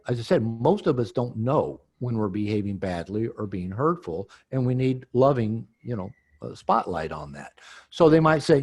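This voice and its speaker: A man's voice: medium pitch, darkish tone, slightly rough. A man, an author and guest on an interview podcast, teaching and explaining while acting out example dialogue.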